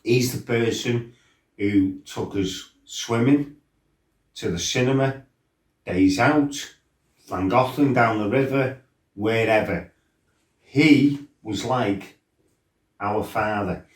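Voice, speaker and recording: A middle-aged man tells rough stories from his life in a blunt, sweary, animated way. His voice sits at an ordinary pitch for a man. The room rings noticeably, and he sounds a little way off the mic. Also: slow pace, pauses often. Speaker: former fighter telling his life story. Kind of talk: casual storytelling interview. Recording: roomy, mic set some distance off.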